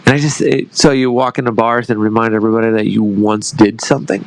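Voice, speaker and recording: A man's voice: on the low side, flat delivery, fast, gravelly, low-quality recording. A man in his thirties, a retired army veteran, talks as a podcast guest. He tells his story in a loose, rambling way, swears freely and pokes fun at himself as he goes. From United States. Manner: rambling, profane, self-deprecating storyteller. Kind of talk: casual storytelling interview.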